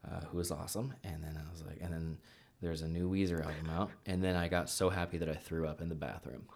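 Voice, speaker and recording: A man's voice: low voice, steady tone, fast talker, gravelly, darkish tone. A man hosting a podcast, telling long rambling stories in casual chat and acting out quotes. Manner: rambling storyteller, acts out quotes.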